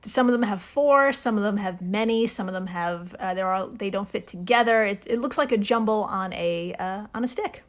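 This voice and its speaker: A woman co-hosting a podcast, calmly walking her co-host through a prepared story and laughing readily. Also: medium pitch, normal speed, hardly any pauses. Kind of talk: casual chat, telling a prepared story.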